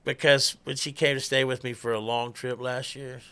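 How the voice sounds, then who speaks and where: A man's voice: mid-range voice, flat delivery, moderate pace, pushed and bright, smooth. A middle-aged man, telling stories in a chatty, laughing, drawling way. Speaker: guest musician. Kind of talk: casual storytelling.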